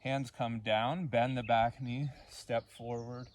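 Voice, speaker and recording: Man, yoga instructor, slow deliberate pace, calm cueing, birds and outdoor sounds behind. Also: mid-range voice, a little hiss or hum. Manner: calm, unhurried cueing with counted breaths. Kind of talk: guided yoga class instruction.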